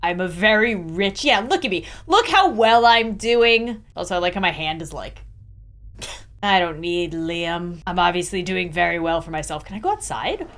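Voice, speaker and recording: A woman's voice: on the low side, big pitch swings, normal speed, fairly bright tone. A young woman giving joking, self-mocking commentary on a video game as she plays, laughing often. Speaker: gaming YouTuber.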